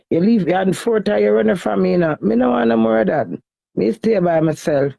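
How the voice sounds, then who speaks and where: A woman's voice: mid-range voice, animated, moderate pace, creaky, dark tone, no room sound, poor audio. A woman with a Jamaican Patois accent, venting in an emotional social media rant, pleading and repetitive as she swings between cussing and begging.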